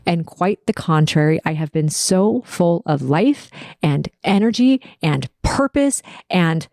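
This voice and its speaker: A woman's voice: on the low side, animated, a little slow, darkish tone, no room sound, studio quality. A woman hosting a podcast, telling a personal story in an earnest, emotional, confessional way. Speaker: podcast host.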